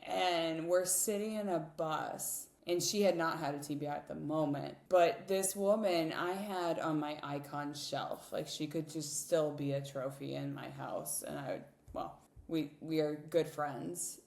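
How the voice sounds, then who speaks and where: A low-pitched woman in her thirties talks candidly, full of fillers and quick restarts. She tells her stories with animated emotion, and her voice sounds roomy and reverberant. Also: creaky. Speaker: guest, professional cyclist. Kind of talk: emotional storytelling in a podcast interview.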